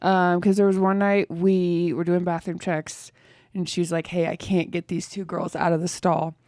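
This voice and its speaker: A woman's voice: on the low side, little pitch movement, moderate pace, darkish tone, dry recording, clean studio sound. A young woman chatting on a podcast about working bar security, laughing easily as she tells stories. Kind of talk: casual chat.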